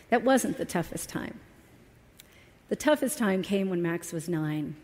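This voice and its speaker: A middle-aged woman shares a heartfelt personal story with a congregation. Her delivery is unhurried and deliberate, and she leans into key words for emphasis. The sanctuary adds a long, lingering reverb. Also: medium pitch, darkish tone. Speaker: guest speaker at a church service. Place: church sanctuary. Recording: long hall reverb from a church.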